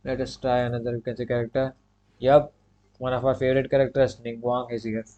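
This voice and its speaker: A man talks casually over his own gameplay in a mellow, relaxed voice. He steps himself through each move with short repeated commands and fills his pauses with the same stock phrase. The sound is dull and lo-fi, like a cheap home mic. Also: mid-range voice. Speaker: gaming streamer.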